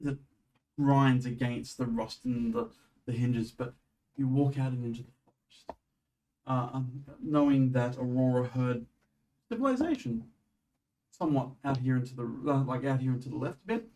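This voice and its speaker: Give me a man running a tabletop game, halting and restarting, recorded a bit off-mic. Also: medium pitch, animated, warm tone, recorded from a distance, poor audio. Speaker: game master.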